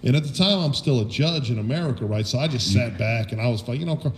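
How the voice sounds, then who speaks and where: A man's voice: mid-range voice, lively intonation, fast, slight background noise. Blunt, profane middle-aged man ranting. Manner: blunt, profane, opinionated rants. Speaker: podcast host. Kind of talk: casual political chat.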